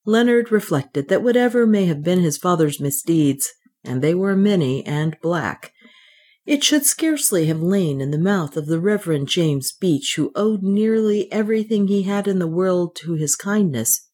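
An audiobook narrator reading a classic novel in a measured, even storytelling manner. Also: medium pitch. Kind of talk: scripted narration.

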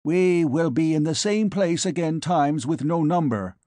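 A man's voice: on the high side, measured pace, warm tone, no echo, studio quality, voice pushed up, close to an everyday voice. A man voicing a formal male alien ambassador from a canine species who speaks in stilted, broken English.

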